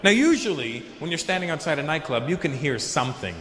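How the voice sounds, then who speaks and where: A man doing stand-up comedy, telling a story with lively delivery and acting out the people he meets. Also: a little high, quick pace, roomy sound, big-room sound.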